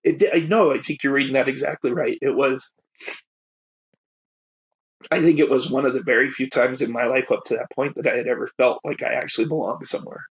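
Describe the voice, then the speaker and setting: Guy with a husky voice, telling his story, reflective and emotional, pitch right in the middle. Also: steady tone, fairly quick. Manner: reflective, openly emotional, laughs self-consciously. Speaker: guest, poet and educator. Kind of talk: candid personal storytelling.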